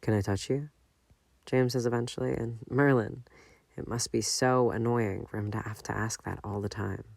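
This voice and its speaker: A man reading a fan-fiction audiobook aloud in a measured, unhurried way. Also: medium pitch, level tone, creaky, no echo. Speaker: audiobook narrator.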